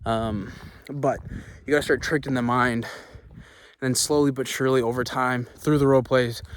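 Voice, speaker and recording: A man's voice: medium pitch, fairly even intonation, moderate pace, a little hiss or hum. A man giving casual sales coaching while walking outdoors on hilly ground, emphatic and repetitive, checking in with "okay?" and "right?". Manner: emphatic, repeats words, frequent "okay?" and "right?"; talking while walking, puffs between thoughts.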